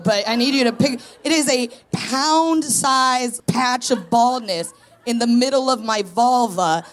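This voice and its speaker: A woman in her thirties performs stand-up on a live stage. Her voice sits a little high, and she tells confessional, self-mocking stories with punchy asides. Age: 30s. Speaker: stand-up comedian, co-host. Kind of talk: stand-up comedy set. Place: live stage in a tent venue before an audience.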